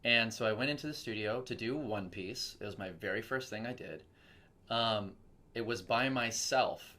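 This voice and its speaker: A young man, a voice actor from Texas, chatting casually in an interview and acting out quoted voices as he tells stories. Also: fairly low pitch. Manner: animated storytelling with quoted voices. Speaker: voice actor guest.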